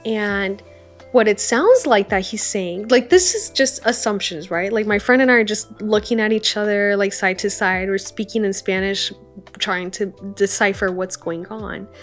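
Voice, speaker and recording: A young woman vlogger chatting through a travel story with lots of fillers and animated retellings. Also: mid-range voice, normal speed. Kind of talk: casual storytime. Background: soft lo-fi music.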